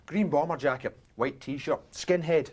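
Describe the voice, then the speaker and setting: A man's voice: a little high, measured pace, a little mellow, slightly rough. A young man with a Scottish accent telling a comic story in character, chatty and self-mocking, acting out the other voices. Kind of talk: theatre monologue.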